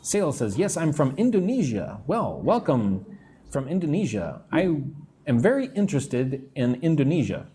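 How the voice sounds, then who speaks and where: An American man teaching English on a live stream, speaking slowly and clearly, repeating words for practice and greeting viewers from the chat. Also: fairly high pitch, very animated, dark tone, a little hiss or hum. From United States.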